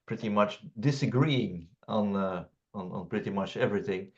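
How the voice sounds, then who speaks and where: A man and coach on a panel, speaking deliberately with many pauses and fillers. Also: on the low side, a little mellow, highs cut off. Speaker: master certified coach. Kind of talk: casual panel discussion.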